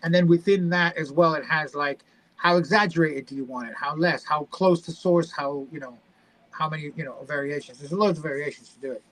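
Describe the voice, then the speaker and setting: Chatty British man, higher voice. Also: steady tone, fairly quick, a bit bright, no room sound, rough recording. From United Kingdom. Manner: chatty, swears casually. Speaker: guest. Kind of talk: casual chat.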